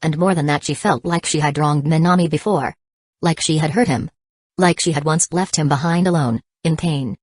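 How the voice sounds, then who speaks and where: A woman narrating a romance novel audiobook in a measured, even storytelling voice. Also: sits low, no echo. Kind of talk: scripted narration.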